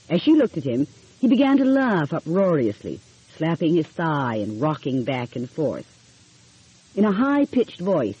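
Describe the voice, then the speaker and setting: A woman's voice: deep voice, mellow, breathy edge, no echo, lo-fi sound. A woman narrating a mystery audiobook in a cozy storytelling manner.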